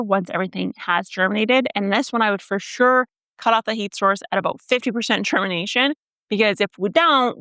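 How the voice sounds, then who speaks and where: A woman's voice: medium pitch, fairly bright tone, no room sound, clean studio sound. A woman hosting a gardening channel, giving casual instruction with joking asides. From Canada. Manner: chatty, joking asides, listing items. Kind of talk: casual instructional talk to camera.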